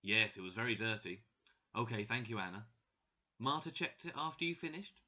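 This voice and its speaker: A man voicing a kind, thoughtful French man with a French accent, speaking slowly and clearly, in a dull lo-fi recording. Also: lowish voice, animated, sharp tone, heavily acted. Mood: calm.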